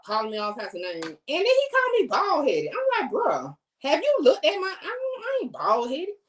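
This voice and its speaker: A middle-aged woman hosting a podcast from home, talking in a blunt, slangy, animated way. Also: fairly low pitch. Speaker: podcast host. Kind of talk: casual chat to camera.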